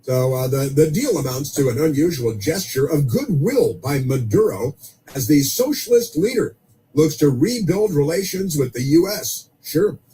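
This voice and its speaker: A man's voice: a little high, lively intonation, moderate pace, warm tone, slight background noise, rough recording. Sarcastic man hosting talk radio. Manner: sarcastic, scornful asides and mocking quoted voices. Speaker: radio talk show host. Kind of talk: political talk radio monologue.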